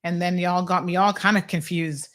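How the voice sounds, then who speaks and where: A woman's voice: lowish voice, fairly even intonation, moderate pace, fairly bright tone. A Caymanian woman hosting a call-in talk show, chatting in a rambling, exasperated way as she reads listener comments and tells stories. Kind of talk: casual call-in show chat.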